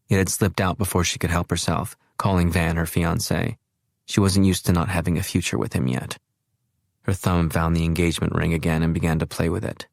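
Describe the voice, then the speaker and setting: A man reading an audiobook in a measured, even storytelling manner. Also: deep voice, vocal fry, dry recording, studio quality. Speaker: audiobook narrator. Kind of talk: scripted narration.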